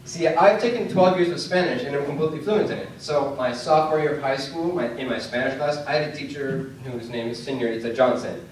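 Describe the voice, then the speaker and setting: A man's voice: medium pitch, a little fast, few pauses, slight background noise. A young man performing a stand-up comedy set, telling stories and acting out the dialogue, with the audience laughing along. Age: young adult. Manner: storytelling with acted-out dialogue, rising to shouts. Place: comedy club stage with live audience. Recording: distant mic in an echoey room.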